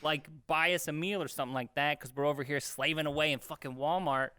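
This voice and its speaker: Animated young man telling a story. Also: on the high side, fast talker, clear, resonant tone, no room sound, clean studio sound. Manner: animated, acts out quotes, swears freely. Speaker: podcast co-host. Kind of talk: casual storytelling.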